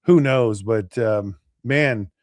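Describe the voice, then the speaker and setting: A man co-hosting a casual sports talk show, rambling with many restarts and acting out players and pundits in quick asides. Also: mid-range voice, no room sound, studio quality. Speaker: podcast co-host.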